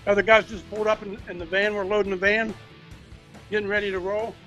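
A man's voice: sits high, level tone, fast, a bit bright, faint music behind. A man hosting a casual show from inside his house on his phone, talking in a rambling, apologetic way. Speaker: host. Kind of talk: casual live-stream chat. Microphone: phone held by the speaker.

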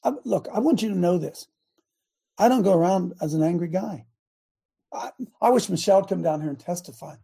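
An older male talk show host with a gravelly, husky voice. He speaks with loud, emphatic passion and drives his points home by repeating them. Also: sits high, expressive, fairly quick. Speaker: show host and former football coach. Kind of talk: impassioned talk show monologue.

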